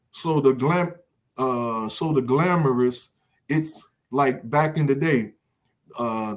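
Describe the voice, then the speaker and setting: An older man hosting a podcast, talking casually and with animation, often repeating words as he searches for a thought. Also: a little high. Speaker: podcast host.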